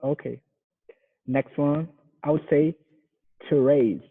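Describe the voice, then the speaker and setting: A Brazilian man with a Portuguese accent, a native Portuguese speaker, practicing English pronunciation, halting and repeating words carefully. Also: fairly high pitch, fairly even intonation, husky, phone-quality sound. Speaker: English student, software engineer.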